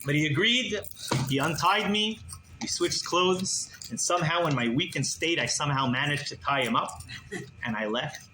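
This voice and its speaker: A male rabbi telling a story in a sermon, animated, with many restarts and repeated words. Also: fairly high pitch, normal speed. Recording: roomy room with background noise.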